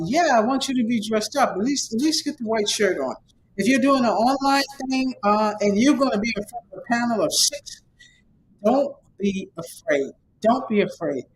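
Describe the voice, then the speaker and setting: A man's voice: sits high, a little hiss or hum, poor audio. A man who teaches an online course, giving his students a casual, rambling, repetitive motivational talk with emphatic repeated urging. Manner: casual, conversational.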